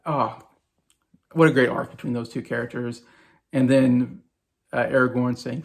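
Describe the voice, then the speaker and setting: A man's voice: medium pitch, little pitch movement, a little slow, gravelly, long pauses. A man in his forties ranking his favorite movies in a casual vlog, gushing and rambling with fillers and restarts. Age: 40s. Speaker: movie vlogger.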